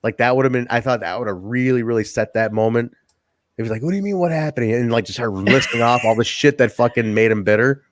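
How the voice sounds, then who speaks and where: Male podcast host, mid pitch, dry close sound, excited swearing recap. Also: fast, dry recording. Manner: profane, excited recapping with laughs. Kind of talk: casual chat.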